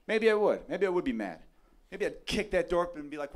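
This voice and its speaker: On a comedy club stage with a handheld mic, a Chicago man performs a brash, profane, excitable stand-up set before a live crowd. His voice runs high and fast, and the live club recording is noisy, with audience laughter.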